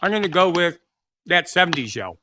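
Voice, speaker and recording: A man's voice: on the high side, big pitch swings, fairly quick, background noise. A man co-hosting a casual talk show, giving laid-back, dry replies while tasting snacks. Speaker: podcast co-host. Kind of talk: casual chat.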